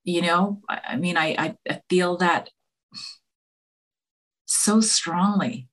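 A woman talking earnestly as a guest, halting and searching for words with many restarts. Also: on the low side, a bit bright. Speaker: podcast guest. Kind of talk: earnest conversation.

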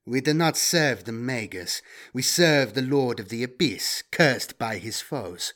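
A man's voice: mid-range voice, animated, a little slow, fairly bright tone. A man voicing a cold, menacing female cult leader. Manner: cold, threatening.

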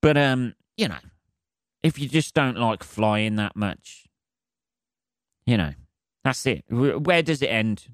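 A man's voice: mid-range voice, animated, takes it slowly, long pauses, dry recording, studio quality. A man hosting a solo podcast, ranting in a sweary, rambling way. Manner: sweary, rambling, laughing asides. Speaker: podcast host. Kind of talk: solo comedic rant.

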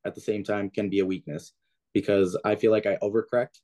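Young man, low voice, podcast guest, relaxed plain talk, coach. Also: a little fast. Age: young adult. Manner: relaxed, plain-spoken, fillers like "like" and "kinda". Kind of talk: podcast interview.

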